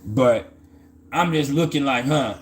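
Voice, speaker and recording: A man's voice: mid-range voice, moderate pace. Slangy man telling a story. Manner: loose, slangy and profane, with frequent stammered restarts. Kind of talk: casual personal storytelling.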